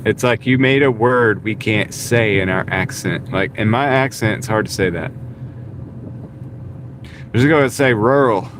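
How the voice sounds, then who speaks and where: Slow-talking man chatting in a car. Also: lowish voice. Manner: joking, chuckles often, talks slowly. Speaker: delivery driver streaming live. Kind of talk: casual chat while driving. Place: inside a car. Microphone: small wireless clip-on mic. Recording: road and wind noise.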